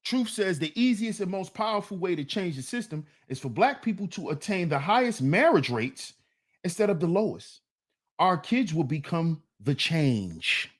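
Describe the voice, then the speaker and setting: A man's voice: high-pitched, very animated, normal speed. A man hosting a podcast, giving blunt, profane, preachy commentary on manhood. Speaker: podcast host. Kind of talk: casual commentary.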